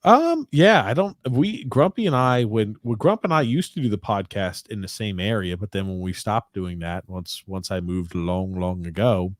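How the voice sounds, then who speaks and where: A man's voice: on the low side, animated, normal speed, hardly any pauses, no room sound, clean studio sound. A man hosting a casual sports podcast, easygoing and rambling, reading out live chat comments. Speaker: podcast host.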